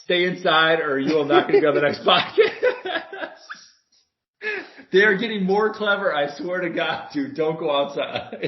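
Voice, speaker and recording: A man's voice: on the high side, very animated, normal speed. A man co-hosting a casual sports podcast, swearing, laughing a lot and fumbling for names. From Milwaukee. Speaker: podcast co-host. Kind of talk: casual chat. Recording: dull lo-fi podcast audio.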